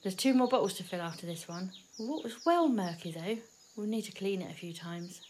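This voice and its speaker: A woman voicing a blunt survivor of the undead apocalypse who teases her companion and swears freely in an audio drama. Her voice sits at an ordinary pitch, with a faint outdoor hush and birdsong behind it. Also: animated, a little fast, slight background noise, close to an everyday voice. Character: blunt teasing female zombie-apocalypse survivor. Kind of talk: amateur audio drama acting.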